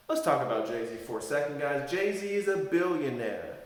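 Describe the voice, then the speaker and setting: A young man casually telling a personal story on his vlog, acting out what others said in changing voices. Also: moderate pace. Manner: animated, acts out quotes with shifting pitch. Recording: very echoey room with long reverb.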